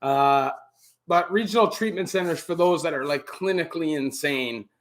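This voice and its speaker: High-voiced Canadian man chatting on a live stream. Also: normal speed, slight background noise. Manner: laid-back, greets viewers by name, frequent "you know". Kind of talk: casual live-stream chat. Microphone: camera on a stand.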